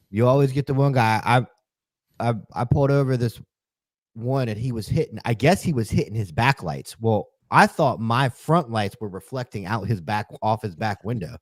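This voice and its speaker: A man's voice: mid-range voice, expressive, normal speed, no room sound. A man who is a police officer, talking in a casual chat on a podcast in a heated, profane, emphatic way.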